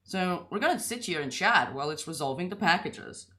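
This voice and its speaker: Young woman, casual coding tutorial, rambling and chatty, lively swings in pitch, lowish voice. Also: fairly quick. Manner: chatty, rambling, self-deprecating, lots of "like". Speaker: tutorial host.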